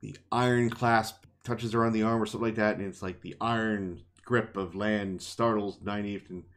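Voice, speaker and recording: A podcast co-host casually recaps a chapter of a fantasy novel for a laid-back book discussion show, doing playful quoted voices and laughing along the way. His voice sits on the low side, with fairly even intonation and a moderate pace.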